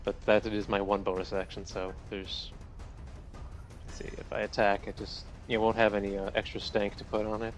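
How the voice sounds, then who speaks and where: A man at a tabletop game, working through his character's moves out loud in halting stops and starts. His voice sits somewhat low, and faint music plays behind him. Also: completely flat delivery. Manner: halting, thinking aloud over game rules. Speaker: player. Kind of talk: casual table talk.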